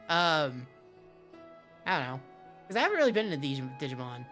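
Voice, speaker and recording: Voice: medium pitch, lively intonation, a little fast, a bit bright, soft background music. Profane rambling game streamer. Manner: profane, rambling, self-interrupting. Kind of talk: casual live game stream.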